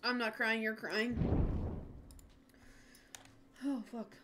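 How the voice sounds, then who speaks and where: A woman's voice: on the high side, flat delivery, extremely slow, noisy background. A woman streaming a game from home on a headset, chatting casually, swearing often and talking to her pets. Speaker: gaming streamer. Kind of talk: casual livestream chat.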